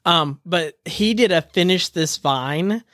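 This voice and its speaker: A podcast host chatting casually, telling stories with quick asides and jokes. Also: mid-range voice, no echo, clean studio sound. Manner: animated storyteller, quick asides, jokey. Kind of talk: casual chat.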